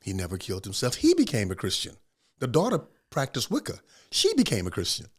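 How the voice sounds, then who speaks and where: A man's voice: medium pitch, wildly swooping pitch, fairly quick, slightly rough. An older man, a pastor, telling a story in an interview and acting out the people he quotes. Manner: acts out quoted voices, laughs often.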